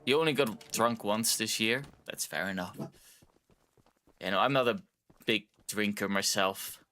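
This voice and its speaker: A man's voice: fairly low pitch, unhurried, pushed and bright. A male streamer chatting casually while playing a game, rambling and a little tipsy. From Canada.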